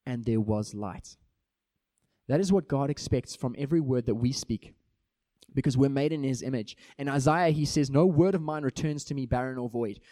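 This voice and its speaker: Animated preacher man with a mellow voice. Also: medium pitch, moderate pace, dry recording, clean studio sound. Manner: animated, acts out little everyday scenes. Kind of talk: sermon.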